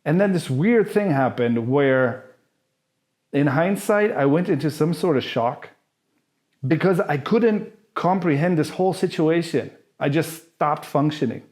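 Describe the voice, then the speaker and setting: Man, slightly high-pitched, casual storyteller, candid, acts out scenes. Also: expressive, unhurried, a little mellow. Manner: candid, profane, acts out the people in his story. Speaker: vlogger answering viewer questions.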